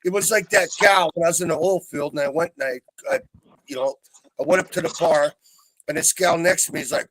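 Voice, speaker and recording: A man's voice: brisk, a bit bright. A middle-aged man bantering casually on a live stream, joking and swearing. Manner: swearing, joking, wild pitch jumps.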